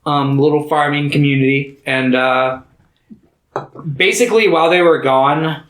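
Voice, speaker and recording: A man's voice: on the high side, a little slow, a bit bright, echoey room, rough recording. A man co-hosting a podcast, casually recapping a film with loose, profane, filler-heavy talk. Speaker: podcast co-host. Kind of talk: casual movie chat.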